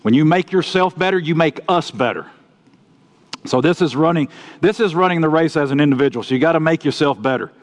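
A man preaching a sermon, telling folksy stories and swinging between loud outbursts and quiet asides. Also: on the high side, a little fast. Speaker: pastor.

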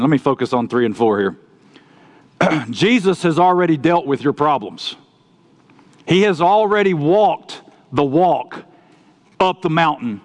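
A man preaching a sermon, telling folksy stories and swinging between loud outbursts and quiet asides. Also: a little high. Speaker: pastor.

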